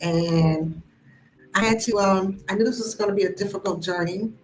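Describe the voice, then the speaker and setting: A woman hosting a live stream, telling a personal story in a lively way and acting out the voices of the people in it. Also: mid-range voice, normal speed. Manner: animated, acts out the voices in her story. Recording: echoey room with faint music behind.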